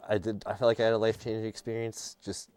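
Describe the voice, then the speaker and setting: A man hosting a live stream, chatting casually and teasing his co-host in an animated, joking way. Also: fairly low pitch, fast, smooth.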